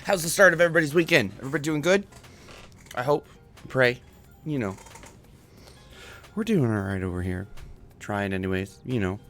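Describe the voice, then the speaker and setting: Male streamer, laid-back, desk mic, medium pitch, faint music behind. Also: lively intonation, moderate pace, pauses often, fairly bright tone. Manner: laid-back, chuckles often, calls everyone "man". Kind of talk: casual livestream chat. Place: home. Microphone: desk microphone.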